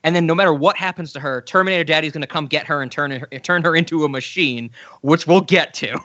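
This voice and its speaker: Bright-voiced man chatting on a film podcast. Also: on the high side, fast talker, dry recording, muffled recording. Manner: laughs often, quotes scenes in mock voices. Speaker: podcast co-host. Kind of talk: casual film podcast chat.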